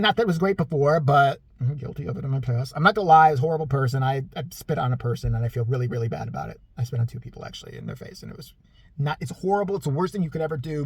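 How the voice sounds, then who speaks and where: A blunt, profane vlogger ranting in sarcastic commentary. The husky voice swings widely in pitch, and the recording is dry and close. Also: dry recording.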